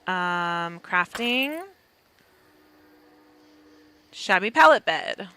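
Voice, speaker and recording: Bright-voiced woman chatting through a game. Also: lowish voice, expressive, slow pace, a little hiss or hum. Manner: playful, giggly, thinks aloud. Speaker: gaming streamer. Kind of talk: casual gameplay commentary.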